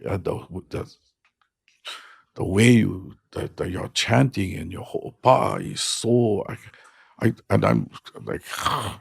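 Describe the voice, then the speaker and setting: A man's voice: fairly low pitch, vocal fry, breathy edge, dry recording. A middle-aged man with a Hawaiian accent, a hula teacher telling stories in casual, frank, blunt talk. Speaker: podcast guest, hula teacher. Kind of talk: casual storytelling.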